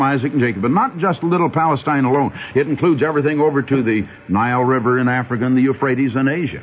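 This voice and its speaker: A man preaching a radio sermon, urgent and pleading, calling his listeners "my friends" and drawing out key phrases with big swings in pitch. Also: fast, few pauses. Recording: tinny phone-like old radio broadcast with faint hiss.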